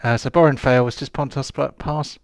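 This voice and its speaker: A man acting as game master, calling rolls in a measured, often quiet voice. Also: medium pitch, fairly even intonation, no echo. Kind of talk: running a tabletop game.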